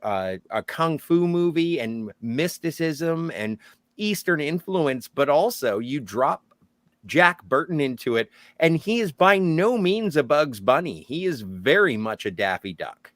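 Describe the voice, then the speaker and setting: A man discussing a movie on a podcast, animated, swinging between loud points and muttered asides. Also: fairly high pitch, unhurried, no room sound. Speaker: podcast co-host.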